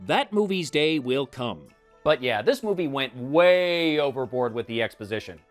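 A man's voice: medium pitch, sing-song, moderate pace, soft background music. A man reading a scripted film review in a sarcastic, exasperated way.

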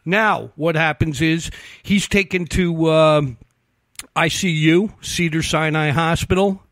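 A man telling a long true-crime story on a talk show, animated and profane, acting out the people he quotes. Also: on the high side, slow pace, no echo, studio quality. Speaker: investigative reporter guest.

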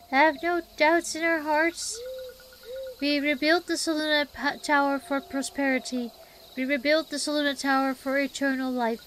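A woman reading out the repeated chant of a fervent female cult member from a game, in a slow, steady cadence. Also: sits high.

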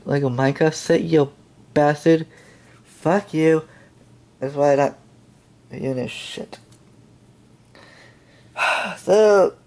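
Slow, swearing, exasperated ranter. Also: medium pitch, a little mellow. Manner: heavy swearing, repeated exasperated questions, sighs; halting, restarts and trails off. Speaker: YouTube channel host. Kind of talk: angry ranting commentary over screen content.

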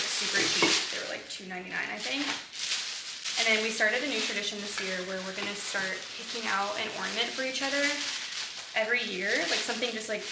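Young female vlogger, casual gushing haul chat, mid pitch, roomy noisy home recording. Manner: chatty, gushing, lots of "like". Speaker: lifestyle vlogger. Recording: echoey room with noticeable noise.

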